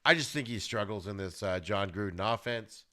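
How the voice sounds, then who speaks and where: A man hosting a podcast, giving an animated, ranting football recap with plenty of exclamations. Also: on the low side, normal speed. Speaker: podcast host.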